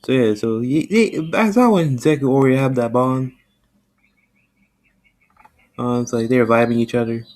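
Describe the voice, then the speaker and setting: Man, casual storyteller, rambling, lots of filler words, swears freely, mid-pitched voice. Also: normal speed, long pauses, darkish tone. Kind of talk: casual fan-fiction storytelling chat.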